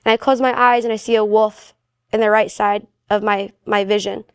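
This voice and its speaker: A woman telling a personal faith story in a casual, animated way, briefly acting out the voices of the people in it. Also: medium pitch, normal speed, smooth, dry recording, clean studio sound. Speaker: guest sharing her faith testimony.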